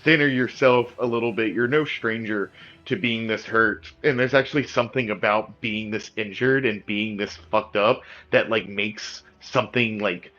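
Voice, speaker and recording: A man's voice: lowish voice, fairly even intonation, moderate pace, sharp tone, highs cut off. A man narrating as game master of a tabletop game, with a loose descriptive style full of "like" fillers.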